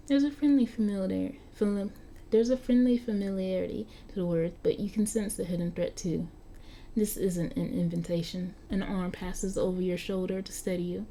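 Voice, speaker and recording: A woman's voice: mid-range voice, fairly even intonation, moderate pace, mellow. A woman reading an interactive story aloud, often stumbling and restarting over words, with chatty asides to her viewers. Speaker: story narrator.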